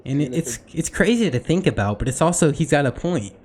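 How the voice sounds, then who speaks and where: A man's voice: fairly high pitch, lively intonation, fairly quick, darkish tone. A young man co-hosting a podcast in casual chat, rambling with many fillers and restarts. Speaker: podcast co-host.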